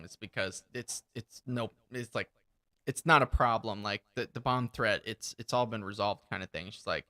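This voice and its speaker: A man's voice: on the low side, moderate pace, sharp tone. A man co-hosting a podcast, chatting casually with crude, joking banter. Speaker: podcast co-host.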